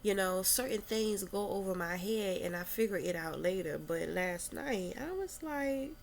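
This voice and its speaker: A young adult woman vlogging candidly about her spiritual struggles, talking in a slow, meandering way with many fillers and restarts, and audibly emotional. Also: medium pitch, lively intonation, creaky, slight background noise. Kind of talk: candid personal reflection.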